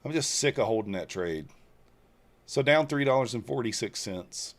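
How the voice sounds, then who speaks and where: A man in his forties from Northeast Georgia streams about trading, reading viewers' comments aloud and answering them in a loose, blunt way with some mild swearing. His medium-pitched voice is expressive and moves at a normal speed.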